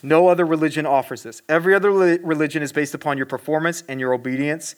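A man's voice: fairly high pitch, fairly even intonation, quick pace. A man giving a casual, conversational sermon, talking straight to his listeners with lots of fillers and restarts. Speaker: preacher.

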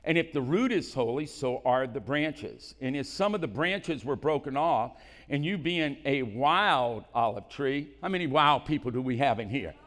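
A man's voice: medium pitch, normal speed. Preaching man in a reverberant church. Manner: builds from calm reading to loud shouted preaching. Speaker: pastor. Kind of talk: sermon. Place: church hall.

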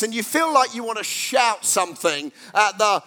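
Over soft background music, a man whose voice sits high and moves at a moderate pace preaches a humorous sermon. He tells stories to his congregation in an animated way, acting out everyday characters.

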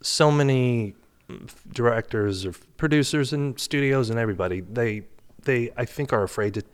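A man's voice: medium pitch, moderate pace, clear, resonant tone. A middle-aged man, a guest in a casual chat, telling self-deprecating stories and acting out the quotes. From Boston. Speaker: guest actor and comic.

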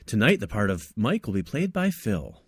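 Lively man from the United States. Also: on the low side, moderate pace, slightly rough, no echo, clean studio sound. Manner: animated, lively banter. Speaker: podcast co-host. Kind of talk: casual podcast chat.

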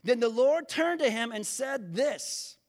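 A man preaching a sermon in a high, ringing voice. He talks straight to his congregation and builds to fervent, almost shouted emphasis. The sound carries a long reverb from a large church hall. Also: expressive, unhurried. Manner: rising to impassioned, near-shouting emphasis; addresses the congregation directly. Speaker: pastor.

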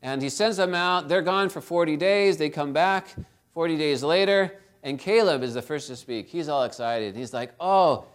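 A male preacher delivers a sermon in an earnest, exhorting manner. His voice sits high for a man, and he often turns to ask listeners direct questions. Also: moderate pace.

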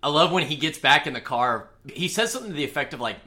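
A man's voice: medium pitch, animated, quick pace, hardly any pauses, pushed and bright. A man talking enthusiastically about a movie in casual chat, chiming in to agree. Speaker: podcast co-host.

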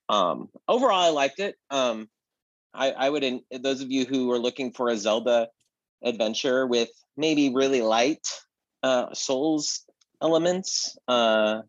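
A man's voice: mid-range voice, animated, unhurried, dry recording, highs cut off. A man co-hosting a casual chat about video games, rambling with many fillers and restarts. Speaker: podcast co-host. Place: apartment.

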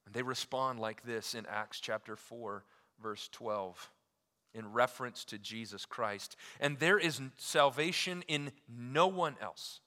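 A man preaching a sermon, swinging from loud emphasis to hushed, deliberate lines, with casual asides full of fillers. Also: medium pitch, in a large hall. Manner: emphatic preaching with wide swings in loudness, dropping to near-quiet for key lines. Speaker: pastor.

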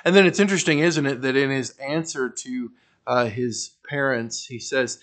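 A man's voice: mid-range voice, moderate pace. Conversational man preaching with wry asides. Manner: shifts between emphatic bursts and quiet trailing phrases. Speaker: pastor. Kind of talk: expository sermon.

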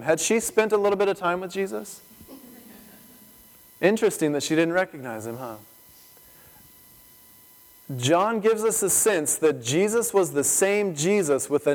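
A man preaching a sermon, retelling scripture as a lively story full of rhetorical questions. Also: a little high, long reverb tail, poor audio. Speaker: pastor.

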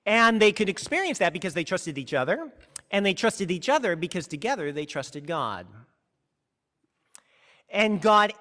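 Expressive high-voiced preacher in an echoing hall. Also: male voice, normal speed, pauses often. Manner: earnest, emphatic, with frequent restarts. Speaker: pastor. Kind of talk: sermon.

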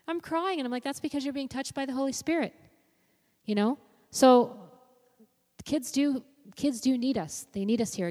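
A woman's voice: on the low side, darkish tone. Young woman, youth minister type, casual sermon delivery heavy on fillers; recorded in a church with long echo. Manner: conversational, frequent "you know" fillers. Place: church sanctuary. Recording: long reverb of a church hall.

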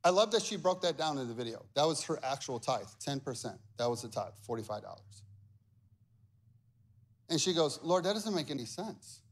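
A man preaching a sermon as pastor, animated and acting out the voices of the people he quotes. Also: medium pitch, moderate pace, long pauses.

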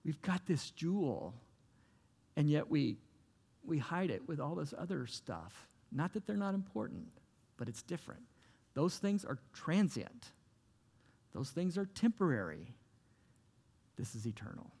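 Male pastor, gravelly voice, conversational sermon, hall reverb. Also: a little high, sing-song, measured pace, pauses often, a little mellow. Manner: earnest, conversational preaching with repeated phrases.

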